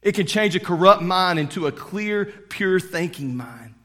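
A middle-aged male pastor delivering a sermon, swinging between loud preaching and hushed storytelling. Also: sits high, lively intonation, unhurried, few pauses. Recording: long hall reverb.

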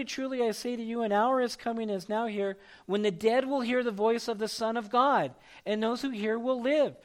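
A pastor preaching a sermon in a high-pitched male voice. He reads scripture and drives his points home with emphatic, rising calls. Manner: preaching with rising intensity, calling out names.

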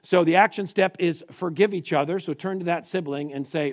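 Pastor leading a family sermon. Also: male voice, a little high, fairly quick. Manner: leads the congregation in call-and-response repetition.

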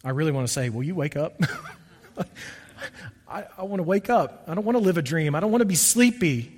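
A middle-aged man preaching a sermon earnestly, often dropping to soft, emphatic lows. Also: animated, fast. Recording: long reverb of a church hall.

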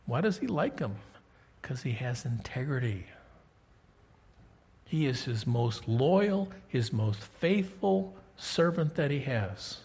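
A man preaching a Bible lesson in a relaxed, conversational way. He reads verses aloud and keeps checking in with his listeners through questions. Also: fairly high pitch, slightly rough.

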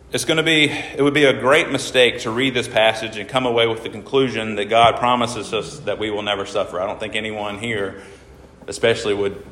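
A man's voice: lowish voice, a bit bright, slight background noise. A man preaching a sermon to a congregation, asking them questions and reading scripture aloud. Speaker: pastor. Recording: echoey hall reverb.

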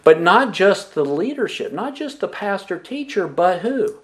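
A pastor preaching a sermon, asking the congregation questions and repeating their answers back. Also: male voice, high voice, measured pace. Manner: emphatic preaching with lively rises and drops.

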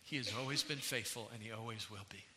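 A man's voice: fairly low pitch, fast, noisy background. A man preaching a sermon to his congregation in an earnest way that rises and falls in intensity. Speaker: pastor. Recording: church hall with long reverb.

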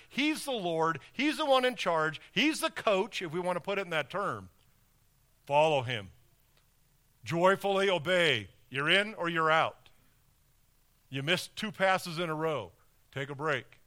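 A man's voice: high voice, sharp tone, smooth. A man preaching a sermon as pastor in a conversational way, with rhetorical questions and sports analogies.

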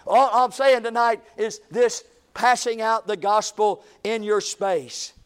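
A man's voice: sits high, steady tone, slow, clear, resonant tone. A male pastor preaching a folksy, conversational sermon that builds into emphatic runs.

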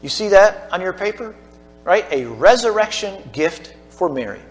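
A man preaching a sermon in a church, his voice sitting a little high for a man. He swells into emphatic lines, then drops to soft, hushed asides to the congregation. Faint music plays behind him. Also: big pitch swings, normal speed. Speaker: pastor.

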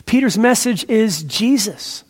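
A man's voice: sits high, lively intonation, unhurried, big-room sound. A man pastor preaching an expository sermon, earnest and teacherly, with emphatic stresses and asides to the congregation.

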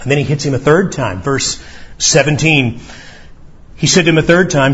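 A man preaching in a church, his voice husky and a little high. He speaks earnestly, voicing quoted lines and stumbling over quick restarts. The recording sounds dull and lo-fi. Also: a bit bright. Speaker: pastor. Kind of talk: sermon. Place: church sanctuary.

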